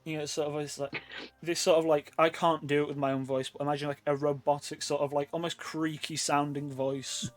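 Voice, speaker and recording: A man's voice: fairly high pitch, little pitch movement, brisk, soft background music. A man narrating as game master over a voice call from his room, in a loose, rambling way full of fillers. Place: his own room at home. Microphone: computer mic on a voice call.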